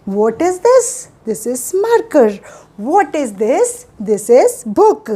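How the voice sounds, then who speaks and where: A woman gives a spoken lesson. Her voice sits high, and she talks at an unhurried, deliberate pace. She drills one simple question after another, repeating each pattern so learners can follow. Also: sing-song, mellow, husky. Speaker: English teacher.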